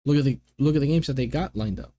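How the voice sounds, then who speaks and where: A man's voice: mid-range voice, fast, dark tone, a little hiss or hum. A young man in casual chat as a gaming streamer, rambling through exasperated rants full of filler words.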